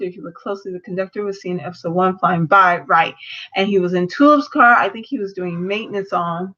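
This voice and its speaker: A woman's voice: medium pitch, a little fast, dull audio. A woman casually recapping a cartoon episode and sharing theories, retelling scenes and voicing the characters' lines as she goes. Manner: animated retelling, acts out dialogue in quotes. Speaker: episode reviewer.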